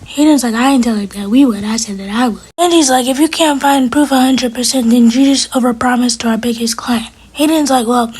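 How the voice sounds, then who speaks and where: Woman vlogger recapping a TV episode at a fast clip, slightly high and breathy. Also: a little mellow. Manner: quick, breathy retelling with quoted dialogue. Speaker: TV episode reviewer. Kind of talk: casual recap.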